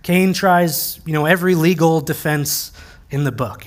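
A man's voice: fairly high pitch, a little slow. A male pastor giving a sermon in a conversational, plain-spoken way with touches of light humor.

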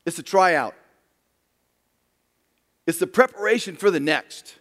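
A pastor preaching a sermon, swinging from quiet, low talk to loud, raised passages. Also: male voice, slow pace. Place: church sanctuary. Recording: long reverb of a large hall.

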